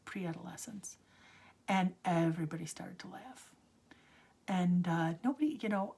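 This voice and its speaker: A woman in her sixties telling a personal story, often sinking into a hushed whisper as she talks. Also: mid-range voice. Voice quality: husky, gravelly.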